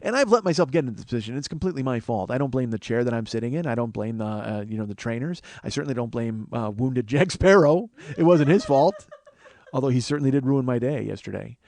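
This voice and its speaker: A man's voice: mid-range voice, animated, quick pace, a little mellow, no echo. A man hosting a podcast, telling rambling, profane comic stories in a casual monologue. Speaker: podcast host.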